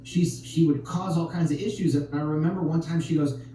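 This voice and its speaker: A man with a very dark, mellow voice talks through relationship stories and acts out the lines of the people in them. He sounds set back from the mic in a very echoey space. A faint ambience sits behind him. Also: on the high side, a little fast, far from the mic, a little hiss or hum. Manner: animated storytelling, acts out quotes. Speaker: podcast guest. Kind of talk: podcast conversation.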